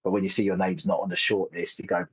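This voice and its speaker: A man's voice: sits low, level tone, fast talker, fairly bright tone, breathy edge, no echo, poor audio. A man in his thirties, a comedian telling stories in a casual interview, rambling and self-interrupting with frequent laughs. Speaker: comedian guest.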